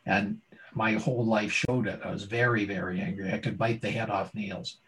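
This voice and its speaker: A man's voice: on the low side, flat delivery, normal speed, a bit bright, low-quality recording. Dramatic middle-aged male storyteller. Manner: dramatic storyteller, rhetorical questions. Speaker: guest, former doctor turned speaker. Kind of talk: storytelling interview.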